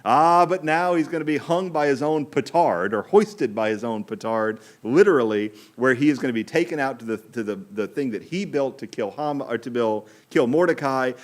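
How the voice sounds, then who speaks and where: A middle-aged priest retelling a Bible story on a podcast with wry, animated delivery. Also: male voice, medium pitch, moderate pace, hardly any pauses.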